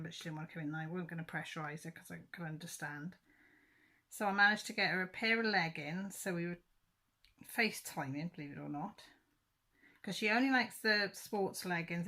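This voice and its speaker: A woman's voice: on the low side, sharp tone. A middle-aged woman chatting casually to camera, rambling and correcting herself as she goes. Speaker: crafting vlogger.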